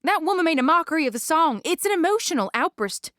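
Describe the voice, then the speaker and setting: A high, swooping prima donna starlet voiced by a woman, indignant and theatrical in an audio drama. Her voice sits dry and close to the mic. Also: sing-song, fast, a bit bright, no echo, heavily acted. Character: proud singing starlet, prima donna, easily offended.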